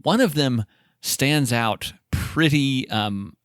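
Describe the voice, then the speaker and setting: A man's voice: mid-range voice, animated, slow pace, fairly bright tone, smooth, dry recording, studio quality. A man co-hosting a podcast in casual banter, joking and laughing as he riffs on ideas. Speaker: podcast co-host.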